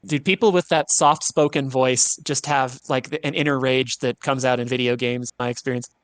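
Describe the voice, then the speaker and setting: A man's voice: medium pitch, steady tone, normal speed, dry recording. A young man co-commentating a video game tournament casually, trading laid-back wisecracks.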